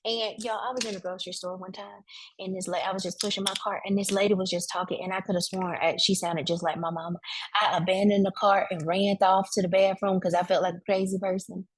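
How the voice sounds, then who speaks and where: A woman giving a conversational, preacher-like talk on grief, speaking straight to the crowd in relaxed, colloquial speech. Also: mid-range voice, fast talker, husky. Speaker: speaker at a wellness event.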